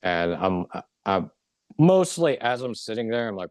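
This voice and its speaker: A man's voice: fairly low pitch, sing-song, measured pace, a little mellow, clear, resonant tone, no room sound. A middle-aged man earnestly recounting a personal spiritual experience as an interview guest. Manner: earnest, emotional storytelling. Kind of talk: personal testimony.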